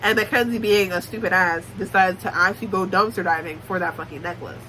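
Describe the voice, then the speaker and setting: A woman's voice: lowish voice, fairly even intonation, quick pace, sharp tone, a little hiss or hum, rough recording. A young woman giving a casual, blunt, swear-heavy recap of a book series. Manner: blunt, profane, joking commentary. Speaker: book YouTuber.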